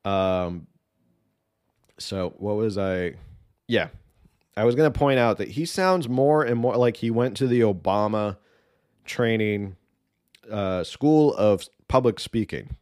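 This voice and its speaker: A man with a lowish voice, recorded dry and close with no room sound. He talks through politics in a loose, rambling, opinionated way, full of ums and restarts. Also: takes it slowly, pauses often, darkish tone, no echo. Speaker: political commentator. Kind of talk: casual political commentary.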